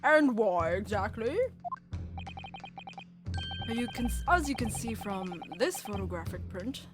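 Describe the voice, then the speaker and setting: A woman's voice: medium pitch, lively intonation, slow. A woman streaming a game, chatting casually, giggling often and reading courtroom lines aloud in a dramatic voice. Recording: game music playing behind.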